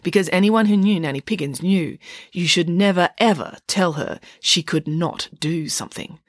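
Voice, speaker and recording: A woman narrating a children's storybook in a wry, expressive way. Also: lowish voice, normal speed, no echo, clean studio sound. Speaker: audiobook narrator.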